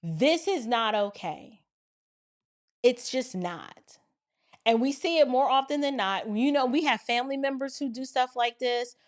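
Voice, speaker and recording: Animated high-voiced woman lecturing. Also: a little slow. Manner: preachy, animated, slips into voices of friends. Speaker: commentary host. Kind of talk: opinion commentary.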